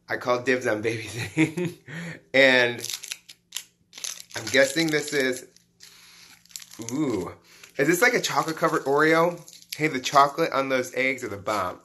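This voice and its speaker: A man chatting casually on a live stream as he unboxes collectible toys, excitable and chatty, greeting viewers by name. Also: mid-range voice, slight background noise.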